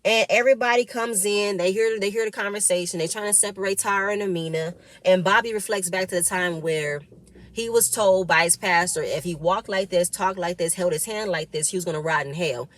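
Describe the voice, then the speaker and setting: A woman in casual recap chat about a reality show episode she was part of, talking emphatically and repeating words for stress. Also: fairly low pitch.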